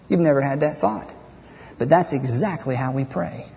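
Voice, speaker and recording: This pastor's sermon is fervent and full of rhetoric, and he mocks people's prayers by acting them out in silly voices. His voice is on the high side, creaky and mellow, at a normal speed, and the recording is dull and echoey like a hall.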